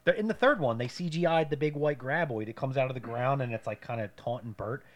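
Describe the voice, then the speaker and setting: A man co-hosting a casual movie podcast, his voice sitting at an ordinary middle pitch. He retells scenes with crude jokes and lots of swearing, slipping into quick voices for the characters. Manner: joking, crude, animated retelling with put-on voices. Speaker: podcast co-host. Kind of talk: casual movie-review chat.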